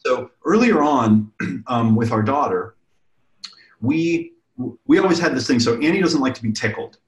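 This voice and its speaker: A man's voice: medium pitch, normal speed. Roomy-sounding man chatting about parenting. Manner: relaxed, rambling, restarts phrases. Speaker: parent sharing parenting advice. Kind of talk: casual conversational chat.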